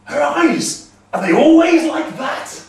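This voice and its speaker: A man voicing a boisterous male ice giant groom, eager and booming, in a castle great hall. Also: wildly swooping pitch, a little slow, fairly bright tone, slight background noise, full character voice. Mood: startled. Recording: echoey hall from far off.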